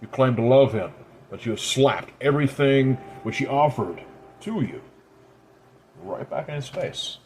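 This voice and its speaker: A man's voice: medium pitch, expressive, unhurried, natural voice. A man plays a proud, ancient immortal woman with red hair who speaks with a lilt. She is commanding and scolding, her voice set in a middle register. Faint noise hums under the recording. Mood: stern.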